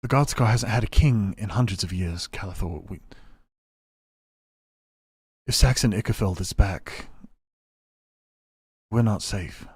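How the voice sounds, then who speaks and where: A man's voice: fairly low pitch, a little slow, pauses often, darkish tone, husky, dry recording, clean studio sound. A man doing a fretful little gnome bartender. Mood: worried. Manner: stammering, conspiratorial. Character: small old gnome bartender, fretful and friendly.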